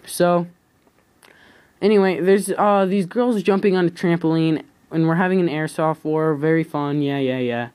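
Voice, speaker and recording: A teenage boy tells a story on his YouTube vlog in a casual, rambling way, halting and correcting himself as he goes. His voice sits on the high side, with fairly even intonation and a clear, resonant, slightly mellow tone.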